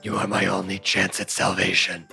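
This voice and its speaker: A man voicing a trapped fiend spirit who begs to be saved, speaking low and urgently over faint music. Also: monotone, normal speed, creaky. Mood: pleading. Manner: begging, urgent. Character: pleading trapped fiend spirit, male, desperate.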